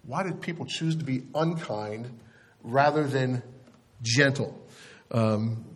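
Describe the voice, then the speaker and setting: Man, older, pastor, earnest sermon, average pitch, talks with restarts. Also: slow pace. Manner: earnest, conversational preaching with restarts. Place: church.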